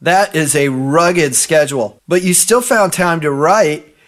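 A man hosts the interview and moves it along with calm, plain questions. His voice sits a little high for a man. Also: unhurried.

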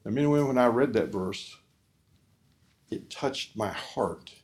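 A man with an ordinary mid-range voice delivers an earnest preaching talk. He leans on call-and-response questions to his listeners and swings between loud emphasis and soft, quiet lines. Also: mid-range voice, expressive, a little slow. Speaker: speaker at a discipleship forum.

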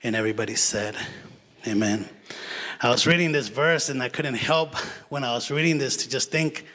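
A man's voice: mid-range voice, moderate pace, bright, forceful tone. A middle-aged man giving a sermon as a guest preacher, telling personal stories in a casual, chatty way. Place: church sanctuary. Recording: long church hall reverb.

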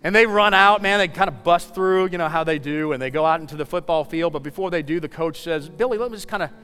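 A man preaching a sermon, telling a story in an animated way and acting out the dialogue. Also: on the high side, fast talker, clear, resonant tone, in a large hall, faint music behind. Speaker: pastor.

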